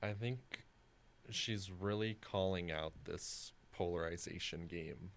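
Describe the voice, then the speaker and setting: A young man co-hosting a casual discussion podcast, talking in a thoughtful, halting way with many pauses. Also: deep voice. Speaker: co-host.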